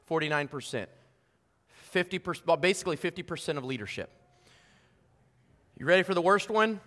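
A man preaching a sermon as pastor, fervent, his voice climbing louder and higher on key points. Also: lively intonation, brisk. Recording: long hall reverb.

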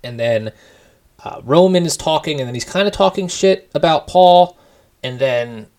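Male co-host, loose conversational recap, wry and lively. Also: on the high side, normal speed. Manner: animated, sarcastic recapping. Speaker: podcast co-host. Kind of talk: casual wrestling chat.

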